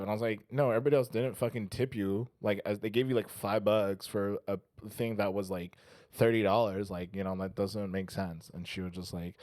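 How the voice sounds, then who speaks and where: A man's voice: fairly low pitch, steady tone, brisk, a little mellow, no room sound. A man co-hosting a casual podcast, telling a long anecdote and acting out the people in it, with frequent swearing. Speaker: podcast co-host. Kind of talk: casual chat, storytelling.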